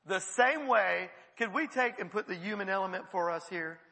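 A man's voice: sits high, moderate pace, vocal fry. A man preaching a sermon in a church, telling stories and acting out the voices he quotes. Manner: animated storytelling, acts out quoted voices. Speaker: pastor. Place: large church hall. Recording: long hall reverb.

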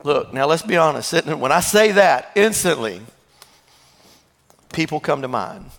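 A man, the pastor, preaching a sermon in an animated way, laughing and breaking into asides. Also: fairly high pitch, unhurried, creaky, in a large hall.

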